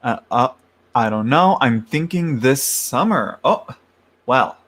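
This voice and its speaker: A man's voice: medium pitch, lively intonation, takes it slowly, a bit bright. A man hosting a casual tarot livestream, chatting in a rambling way, laughing often and greeting viewers by name, into a large microphone.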